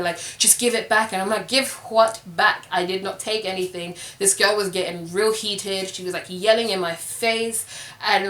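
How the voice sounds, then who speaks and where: A woman's voice: on the low side, a bit bright, roomy sound. A young woman vlogging, telling a personal story to camera in a candid, conversational way, with plenty of filler words.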